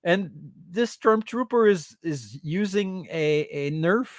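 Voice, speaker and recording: Podcast host, male, casual toy chat; mocking, giggly, unhurried delivery, slips into French. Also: high-pitched, animated, no echo, studio quality. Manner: mocking, giggles between remarks; switches into French at times.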